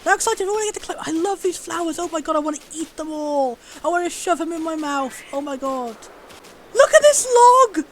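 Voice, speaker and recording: A woman streaming a game, gushing with excitement and commenting on everything she sees. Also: high-pitched, fast talker, few pauses, slight background noise, poor audio. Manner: bubbly, gushing, easily excited. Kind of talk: live gameplay commentary.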